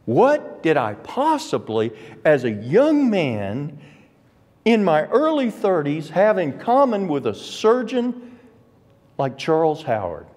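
An older man teaching an adult Bible class, deliberate and emphatic, leaning hard on key words. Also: a little high, huge pitch swings, a little mellow. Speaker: Sunday school teacher. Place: church classroom. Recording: long reverb of a church hall.

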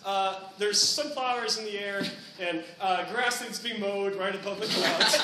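A man's voice: high-pitched, pushed and bright. A man acting as emcee, loosely setting up an improv game for the audience. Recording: roomy noisy live stage.

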